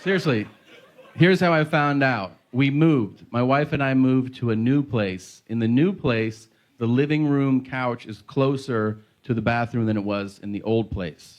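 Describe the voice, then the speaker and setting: A man's voice: medium pitch, a little slow, lo-fi sound. Crude, self-mocking male stand-up comic. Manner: crude, self-deprecating, acts out conversations. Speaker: stand-up comedian. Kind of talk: stand-up comedy set. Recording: noisy live club recording. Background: audience laughter.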